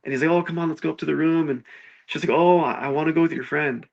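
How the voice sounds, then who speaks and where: A man's voice: fairly high pitch, quick pace, vocal fry, muffled recording. A man telling a wild party story in casual chat, swearing freely and acting out what everyone said. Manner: animated, swears a lot, acts out quotes.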